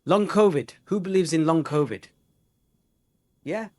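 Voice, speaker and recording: A man's voice: on the high side, measured pace, a little mellow. A man giving a conversational, joking medical conference lecture, with many fillers. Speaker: conference speaker.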